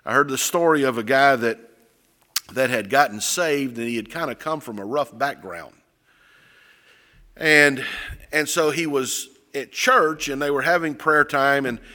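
A man preaching a sermon, retelling stories animatedly, acting out voices and shouting. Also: mid-range voice. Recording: long hall reverb.

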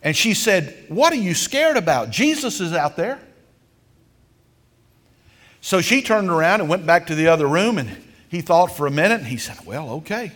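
A man's voice: a little high, very animated, moderate pace, a bit bright. Man, preacher, homespun storytelling sermon, emphatic swells, long hall reverb. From rural countryside.

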